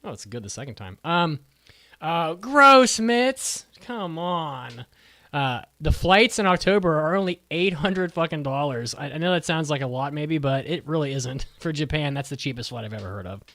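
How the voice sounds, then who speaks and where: A man's voice: on the high side, animated, normal speed, a bit bright, dry recording. Brash, swearing man on a dry mic. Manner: brash, swears freely, jokey tangents. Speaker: podcast co-host. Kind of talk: casual chat.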